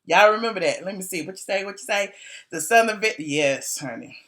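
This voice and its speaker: Animated, bright-voiced woman gossiping. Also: fast. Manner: animated, acts out quotes in a high voice, laughs often. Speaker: blogger doing a live video. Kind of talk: casual gossip chat to viewers.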